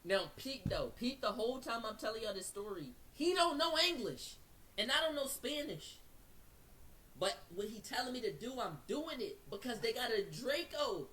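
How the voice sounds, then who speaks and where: This storyteller's voice is extremely high-pitched, and he is far from the mic. At a moderate pace, he recounts an incident in slangy language, performing other people's lines and quickening whenever things get tense or exciting.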